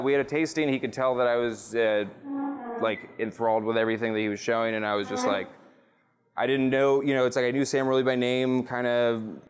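A man's voice: on the low side, slight background noise. A man guest on a podcast, chatting in a loose, profane, storytelling way, recorded in a rum bar. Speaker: guest, rum brand representative. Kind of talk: casual storytelling interview.

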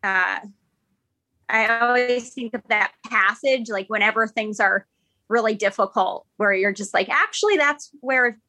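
A woman comedian chatting as an interview guest, casual, with fillers and quick asides. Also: medium pitch, level tone, bright, forceful tone, no room sound.

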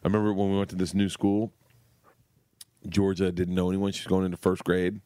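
Man, middle-aged, low voice, dry close mic, casual animated storytelling, swearing. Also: a little fast, clear, resonant tone, dry recording. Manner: animated, swearing, acts out his daughters' voices. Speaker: comedian guest.

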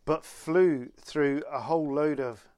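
A man casually telling an animated anecdote on a podcast, with many restarts. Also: on the high side, takes it slowly, over a noisy crowd. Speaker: podcast co-host. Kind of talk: casual storytelling chat.

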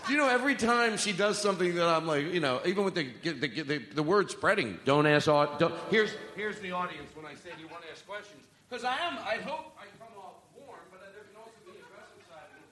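A man's voice: high-pitched, expressive, quick pace, few pauses, crowd noise. A man hosting a live comedy podcast, rambling and profane, laughing often on stage at a podcast festival. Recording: roomy live venue with noise.

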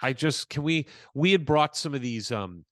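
A man's voice: a little high, normal speed, dry recording, clean studio sound. A man co-hosting a podcast, telling a story in casual chat and acting out the voices he quotes. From Southern California. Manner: animated, acts out quoted voices. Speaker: podcast co-host.

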